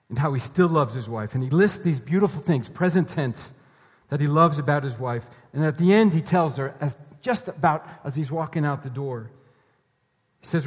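A man's voice: medium pitch, darkish tone. A male pastor preaching a sermon earnestly, repeating his key phrases for emphasis. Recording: reverberant hall.

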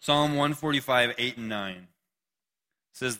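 A man preaches in a casual, chatty way, cracking jokes and asking his listeners questions. His voice is bright and forceful, at a middle pitch for a man. He sounds like he is speaking to a live group in a church. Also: a little slow, pauses often. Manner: casual, joking, talks to the audience. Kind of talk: sermon.

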